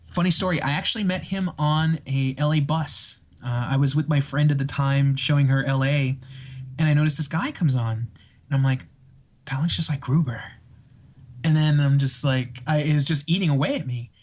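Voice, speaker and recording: A man telling stories in a casual podcast chat, excitable and laughing often as he acts out what people said. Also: a little high, moderate pace. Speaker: podcast guest.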